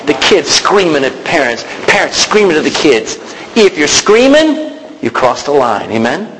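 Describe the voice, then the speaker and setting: A man preaching a sermon, animated, calling out to the congregation and acting out quotes. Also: fairly high pitch. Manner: animated preaching with calls of "Amen?", acted quotes and shouts. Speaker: pastor. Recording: reverberant hall with faint background noise.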